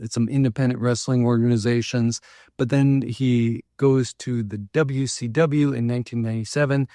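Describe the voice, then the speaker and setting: A man's voice: medium pitch, a little mellow, no echo. Chatty man with a dry close sound. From Minnesota, US. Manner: chatty, loose, frequent fillers and asides. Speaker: local history podcast host. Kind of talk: casual storytelling talk.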